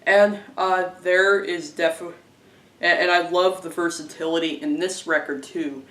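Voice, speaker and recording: A man giving a casual spoken album review, halting often with fillers and restarting his phrases. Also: a little high, fairly even intonation, fairly bright tone. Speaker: music reviewer. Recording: roomy, distant from the mic.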